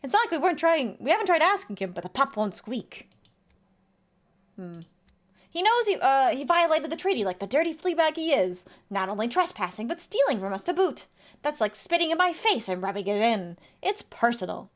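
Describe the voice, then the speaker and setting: A stubborn, proud young gang chieftain in a video game, as a woman reads him out, in a high voice that rises and falls with a lot of swing. He talks tough and sounds offended. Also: sing-song, fairly quick. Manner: reads game dialogue aloud in a light character voice.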